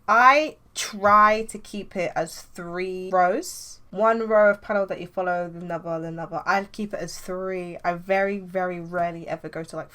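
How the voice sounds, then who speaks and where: A woman's voice: fairly low pitch, bright, forceful tone. Chatty young woman explaining comics. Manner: chatty, loose, with frequent "like". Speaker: comic artist. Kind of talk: casual tutorial vlog.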